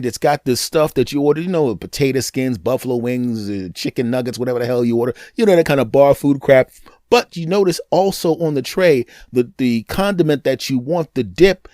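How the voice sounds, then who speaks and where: A man hosting a podcast, telling a comic story in an animated, sarcastic way, swinging between loud and hushed. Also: medium pitch, dry recording, clean studio sound. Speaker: podcast host. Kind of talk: comedic storytelling monologue.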